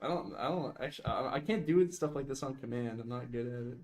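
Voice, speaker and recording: A man's voice: medium pitch, fast, darkish tone. A man chatting on a livestream, hesitant and stammering, shy about doing voices. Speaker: guest on an art livestream. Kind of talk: casual chat.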